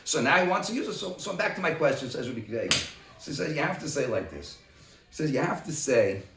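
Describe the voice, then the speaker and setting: A man leading a Talmud study group who talks through a case by acting out both sides in quick exchanges. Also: fairly high pitch, fairly bright tone. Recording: roomy, from a distance.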